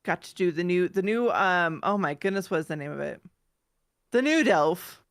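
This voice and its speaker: A woman's voice: lowish voice, expressive, moderate pace. A woman in her thirties with a cold, co-hosting a podcast and telling rambling stories in casual chat. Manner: chatty, rambling storyteller who laughs at her own mishaps. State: has a cold. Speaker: podcast co-host.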